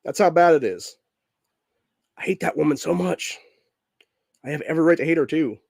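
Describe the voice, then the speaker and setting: A man's voice: on the high side, normal speed, vocal fry, a little mellow, no echo, studio quality. Sick, fuming man ranting with profanity. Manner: profane, heated, says dude constantly. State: sick, voice messed up. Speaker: political podcast host. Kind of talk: angry political rant.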